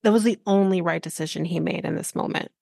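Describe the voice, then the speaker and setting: A woman's voice: on the low side, quick pace, creaky, mellow, no echo, clean studio sound. Blunt, swearing woman podcast host. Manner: blunt and exasperated, swears freely. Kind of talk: casual chat recapping a reality show.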